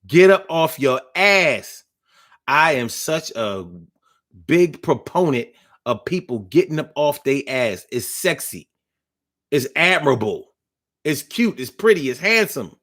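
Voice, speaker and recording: Man going off on a blunt profane rant, slangy, kinda high voice. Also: sing-song, slow, fairly bright tone. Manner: slangy street talk. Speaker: host reading viewer comments. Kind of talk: casual livestream talk.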